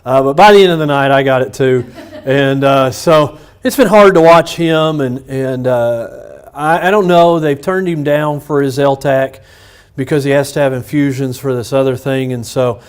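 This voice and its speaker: A man's voice: mid-range voice, normal speed, clear, resonant tone. A middle-aged man, a pastor teaching a Bible study in a loose, personal way, with restarts and chuckles.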